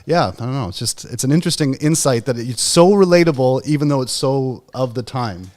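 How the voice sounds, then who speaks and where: Thirtyish male host, casual and rambling, mid-pitched everyday voice. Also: lively intonation, fairly quick, a little mellow. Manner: rambling, full of fillers and restarts. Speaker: book club podcast host. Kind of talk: casual livestream discussion.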